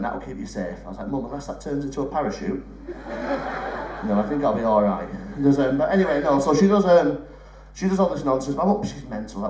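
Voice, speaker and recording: A man's voice: mid-range voice, darkish tone, recorded from a distance, a little hiss or hum. A young man doing live stand-up comedy on a theatre stage, chatty and teasing the crowd, swearing freely. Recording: roomy theatre sound from off-mic.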